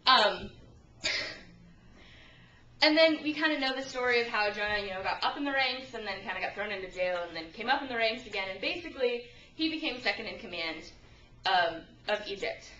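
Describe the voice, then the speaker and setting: Young woman, informal sermon, chatty storytelling, bright voice, distant camcorder, echoey room. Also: on the high side, brisk, lo-fi sound. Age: young adult. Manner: chatty, animated, acts out quoted voices. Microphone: handheld camcorder at a distance.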